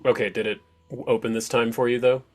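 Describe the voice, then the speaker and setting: A man's voice: medium pitch, level tone, fast talker, faint music behind. A man as game master of an online tabletop game, chatty and upbeat, often laughing.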